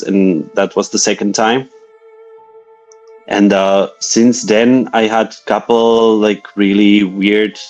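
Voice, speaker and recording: A man's voice: on the low side, darkish tone, low-quality recording. A man from Slovakia in his thirties with a Slovak accent, telling a story as a guest in a casual interview, with hesitant, filler-heavy, nonnative phrasing.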